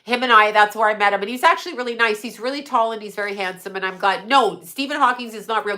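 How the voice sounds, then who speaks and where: Bright-voiced woman ranting on a livestream. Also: mid-range voice, lively intonation, a little fast, hardly any pauses. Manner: rambling, conspiratorial, swears, answers chat. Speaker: livestream host. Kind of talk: casual livestream chat. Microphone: desk microphone.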